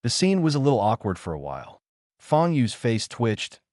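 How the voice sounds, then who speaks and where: A man's voice: mid-range voice, wildly swooping pitch, moderate pace, darkish tone, no room sound, clean studio sound. A man narrating an audiobook novel, reading every character in the same voice. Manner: reads all characters in one voice with few changes. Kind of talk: scripted narration.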